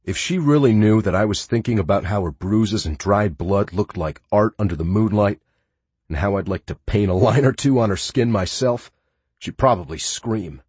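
Husky-voiced man narrating an audiobook. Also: fairly low pitch, normal speed, darkish tone, no room sound. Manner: sarcastic, playful and brash. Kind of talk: first-person audiobook narration.

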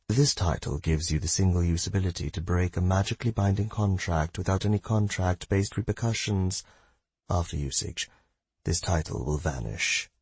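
A man gives a game system's voice for this audiobook, upbeat and a little cheeky as it lists titles and rewards. The tone is low and husky. It sits dry and close to the mic. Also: darkish tone, dry recording, exaggerated voice. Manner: announcing, cheeky asides.

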